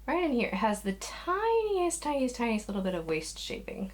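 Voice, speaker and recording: A woman's voice: a little high, big pitch swings, moderate pace. A young woman chatting casually to camera from a small craft room at home, a little out of breath, rambling with sighs and restarts. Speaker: knitting podcast host. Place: small spare room used as a craft nook. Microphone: camera, moving in and out of frame.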